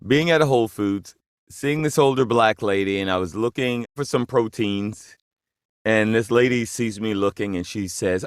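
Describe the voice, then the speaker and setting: A man's voice: fairly low pitch, normal speed, clear, resonant tone, no echo, clean studio sound. A comedian telling a funny story about his own life, acting out the people in it. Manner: lively storytelling, acts out the people he quotes. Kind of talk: animated anecdote.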